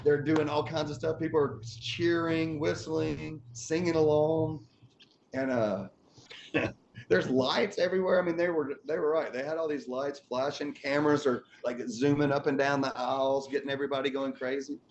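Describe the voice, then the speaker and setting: A man who is a podcast guest, telling a comic story in an animated way and laughing often through it. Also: a little high, normal speed. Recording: muffled audio with faint noise.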